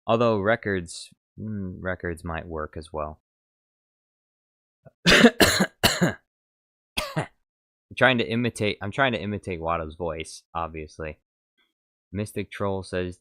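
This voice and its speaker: A man's voice: deep voice, slow pace, long pauses, sharp tone, no echo, clean studio sound. A man casually chatting as a streamer, rambling, self-mocking and reading out chat.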